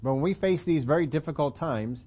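A man with a fairly high voice preaches in an easy, conversational way, teasing himself and turning to the congregation with questions. The recording is dull and lo-fi. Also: fairly quick, breathy edge. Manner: conversational, self-deprecating, asks the congregation questions. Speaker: pastor. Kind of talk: sermon. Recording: dull lo-fi sermon audio.

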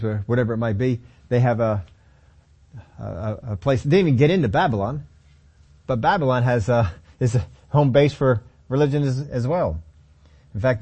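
A man preaching a sermon, emphatic, with sudden loud stressed words between quieter explaining. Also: medium pitch.

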